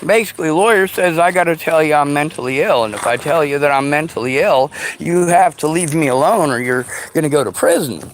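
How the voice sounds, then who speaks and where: A man ranting to his viewers, sarcastic and profane, slipping into mocking high voices, with a faint background hiss. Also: expressive, brisk, hardly any pauses. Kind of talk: angry rant to viewers. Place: vehicle.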